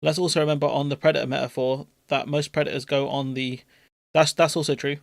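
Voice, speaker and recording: A man's voice: a little high, level tone, quick pace, vocal fry, dry recording, clean studio sound. A young man chatting casually on a live political stream, rambling with restarts and offhand swearing.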